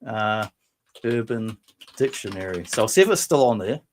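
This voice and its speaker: A man's voice: on the low side, animated, normal speed, slight background noise. An Australian man hosting a casual live stream, rambling and joking about himself while reading out viewer comments, his voice a little strained. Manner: rambling, self-mocking, bursts into silly voices. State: voice strained after drinking. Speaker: livestream host.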